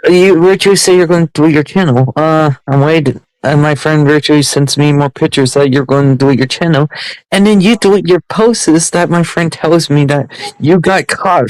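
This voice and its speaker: Agitated man, fairly high voice, dry sound, repetitive livestream rant. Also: moderate pace, darkish tone, dry recording, rough recording. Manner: agitated, repeats himself, talks in restarts. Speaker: streamer.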